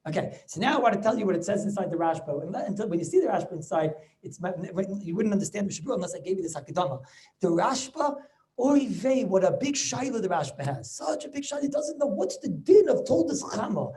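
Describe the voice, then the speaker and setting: A man teaching a Talmud class over a video call, animated and full of rhetorical questions, mixing Yiddish and Hebrew terms into his talk. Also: high voice, quick pace, slight background noise. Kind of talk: lively Torah lesson over video call.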